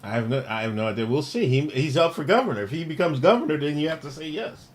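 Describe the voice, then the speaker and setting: A man's voice: fairly high pitch, expressive, fast talker. A man from Pennsylvania co-hosting a casual political chat, teasing and laughing often.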